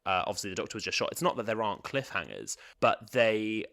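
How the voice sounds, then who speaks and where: A man, co-hosting a podcast in a relaxed, giggly way with plenty of fillers. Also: lowish voice, fast, creaky. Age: 20s. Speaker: podcast co-host. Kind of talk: casual chat.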